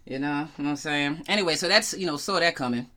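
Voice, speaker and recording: A middle-aged New Yorker, talking loosely and profanely in casual chat. The voice is bright and forceful at an ordinary pitch, and the speaker laughs often. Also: fast talker. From New York.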